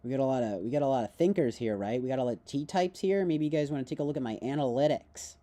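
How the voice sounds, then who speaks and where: A young man livestreaming at night from home, drunk and rambling, joking at his own expense and laughing often, with sudden loud outbursts. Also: medium pitch, quick pace, few pauses. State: intoxicated. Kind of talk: rambling livestream chat to viewers.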